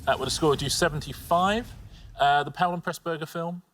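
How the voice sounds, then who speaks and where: A man co-hosting a quiz show, explaining the answers in a measured, wry way. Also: a little high, fairly bright tone, slight background noise. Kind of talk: game show commentary. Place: TV studio.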